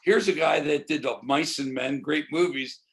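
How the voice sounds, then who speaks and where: A man's voice: fairly high pitch, normal speed, vocal fry. An older man, a guest in an interview, telling stories animatedly and acting out quoted dialogue. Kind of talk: storytelling interview.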